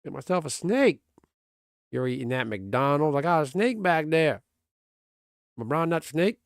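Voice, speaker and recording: A man's voice: a little high, lively intonation, a little slow, creaky, no room sound, studio quality. A man voicing a boastful swamp-dwelling man who hunts his own dinner, talking in a folksy, bragging way.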